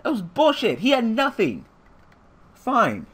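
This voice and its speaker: A man's voice: very high-pitched, wildly swooping pitch, slow pace, fairly bright tone, husky. A man commentating a card game he is playing, swearing nonstop and raging at his luck. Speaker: gameplay commentator.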